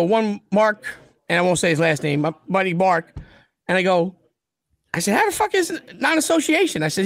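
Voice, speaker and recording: A man's voice: sits high, a bit bright, no room sound. Blunt, profane man spinning a story. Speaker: guest telling prison stories. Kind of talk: casual storytelling.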